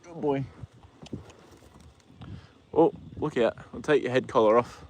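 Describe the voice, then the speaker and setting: A man's voice: mid-range voice, a little fast, gravelly, a little hiss or hum. An Australian man hosting a casual live stream outdoors at a horse paddock, chatting easily to his horse and his viewers. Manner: easygoing, chats to his horse and reads viewer comments. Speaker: livestream host.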